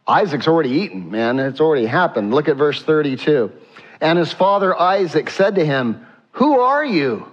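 A male pastor preaching a sermon, animated and asking rhetorical questions, slowing down for emphasis. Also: on the high side, muffled recording.

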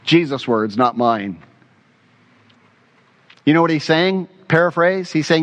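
A man's voice: a little high, unhurried, long pauses, fairly bright tone, highs cut off. A man preaching a sermon as pastor, earnest and emphatic, repeating his key phrases.

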